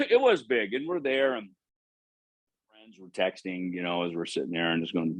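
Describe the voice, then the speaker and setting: Low-voiced american guy, rambly, tons of "you know"s, dry close sound. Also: lively intonation, moderate pace, pauses often, dry recording. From United States. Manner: rambling, many "you know" fillers and restarts. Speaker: guest musician. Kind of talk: casual interview talk.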